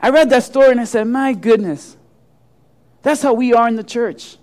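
A man's voice: very high voice, normal speed, a little mellow. A man preaching a sermon, telling a story and acting out the voices in it. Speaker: pastor.

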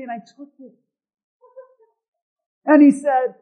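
A man's voice: very high voice, little pitch movement, unhurried, long pauses, mellow, rough recording. A man preaching as a pastor, telling a personal story and calling for responses from the congregation. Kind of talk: sermon.

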